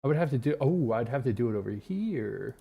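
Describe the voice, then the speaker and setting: Gravelly-voiced man chatting on a live stream. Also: medium pitch, animated, a little fast, warm tone. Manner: mutters and swears while fiddling with stream settings.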